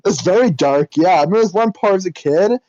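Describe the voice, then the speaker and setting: A man co-hosting a podcast in casual chat, chatty and quick to laugh along. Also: sits high, expressive, a little mellow, dull audio. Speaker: podcast co-host.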